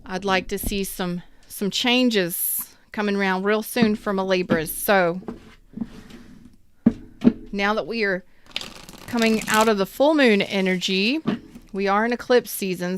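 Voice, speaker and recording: Over a noisy background, a woman with a mid-range voice offers a casual tarot reading. She chats directly with her viewers, upbeat and emphatic throughout.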